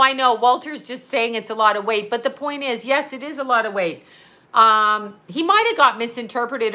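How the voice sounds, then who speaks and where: A woman's voice: fairly high pitch, pushed and bright. A middle-aged woman from Canada, chatting bluntly and with lots of swearing on a livestream while reading comments. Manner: blunt, profane, chatty, laughing often. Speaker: livestream host reading chat. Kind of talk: casual livestream chat.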